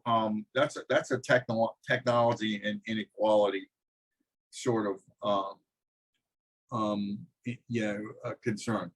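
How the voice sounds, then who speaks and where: A middle-aged man lectures a college class over a video call. He talks in halting bursts, full of fillers and restarts. His pitch sits mid-range for a man. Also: a bit bright, rough recording. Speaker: college instructor.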